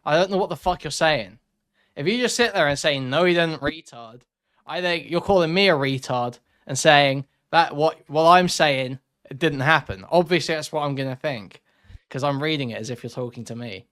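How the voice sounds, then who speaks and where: A man's voice: on the high side, normal speed, fairly bright tone. A man hosting a reaction commentary stream, ranting sarcastically and swearing as he talks to his chat.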